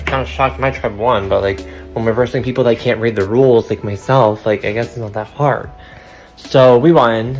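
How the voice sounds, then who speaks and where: A young man talks to camera in a confessional video diary, irritated and sarcastic, and he swears a lot. His voice sits at an ordinary middle pitch. Faint music plays in the background. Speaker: contestant.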